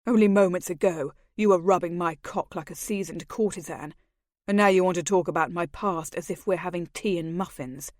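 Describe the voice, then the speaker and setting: A woman's voice: on the low side, a little fast, darkish tone, no echo, studio quality, lightly acted. A woman voicing a brooding, crude and bitter masked nobleman in an audiobook, speaking in a curt, sneering and passionate way. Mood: exasperated. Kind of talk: audiobook character voice.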